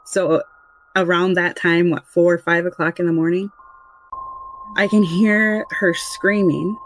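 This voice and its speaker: A woman's voice: on the low side, little pitch movement, unhurried, a little hiss or hum, rough recording. A woman casually recounting a frightening family experience, rambling and conversational with many restarts. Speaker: mother telling a true paranormal story. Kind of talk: casual spoken recollection.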